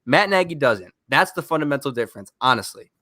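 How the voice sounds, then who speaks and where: Bright, exasperated male podcast host. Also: medium pitch, quick pace, no room sound, clean studio sound. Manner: animated, exasperated ranting. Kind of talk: casual chat.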